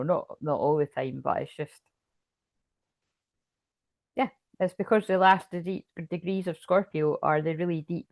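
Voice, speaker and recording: A low-sitting female voice, captured dry with dull audio, belongs to a psychic medium doing a casual tarot reading. She rambles, stops mid-sentence, hiccups, and laughs frequently in a chatty way.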